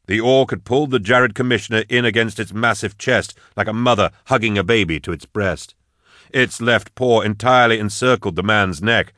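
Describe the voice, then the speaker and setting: Guy w a lowish voice reading a grim story, slow and serious, dry close sound. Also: sharp tone, dry recording. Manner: measured, grave storytelling delivery. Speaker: narrator. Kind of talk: audiobook narration of dark fantasy fiction.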